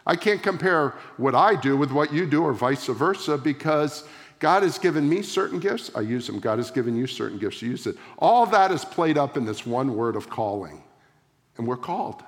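A middle-aged man preaching a sermon from the front of his church, emphatic and slowing down to stress key words. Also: mid-range voice, expressive. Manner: emphatic, varying pace for stress. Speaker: pastor. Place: church sanctuary. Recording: long church reverb.

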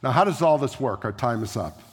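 A man's voice: mid-range voice, animated, a little fast, breathy edge. A man preaching a sermon in a church, telling a story in a conversational way. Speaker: pastor. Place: church sanctuary. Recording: echoey church hall.

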